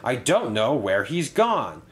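A man voicing a stern male railway director who speaks in a booming, authoritative way. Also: very animated, slow. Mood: worried.

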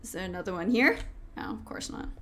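A woman's voice: medium pitch, animated, fast talker, background noise. A woman playing a horror video game, chatting to the game as she goes and crying out in panic when it frightens her. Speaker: gaming video host.

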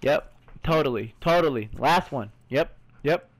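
A man streaming a story game, reacting excitably, exclaiming, swearing and calling the viewer "bro" all the time. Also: fairly high pitch, measured pace. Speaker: gaming streamer. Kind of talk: let's play commentary.

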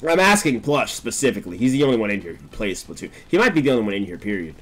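A young man giving casual live commentary over a game, voice swinging all over the place in pitch. He laughs, curses freely and jumps from mumbling asides to loud yelps. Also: racing. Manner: swears a lot, laughs, excitable outbursts. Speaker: streamer.

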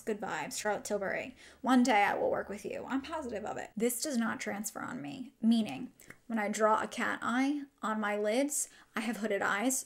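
A woman beauty vlogger chatting enthusiastically through a product review while she demonstrates makeup. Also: medium pitch.

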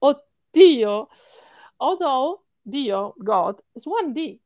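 Unhurried and fairly high-pitched, an Italian-accented singing coach answers an interviewer's questions. She's animated, laughs often, and repeats words for stress, with no echo on the audio.

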